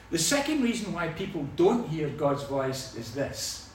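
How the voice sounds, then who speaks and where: Echoey preacher, lively. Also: male voice, a little high, unhurried, hardly any pauses, a little hiss or hum. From Scotland. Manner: lively storytelling with humor. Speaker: pastor. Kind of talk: sermon. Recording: echoey hall from far off.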